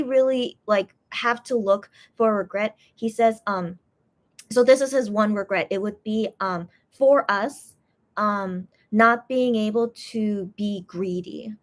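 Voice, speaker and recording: A young woman chatting casually on a live stream, reading viewer comments and translating messages with frequent pauses and restarts. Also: on the high side. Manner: hesitant, many restarts while translating.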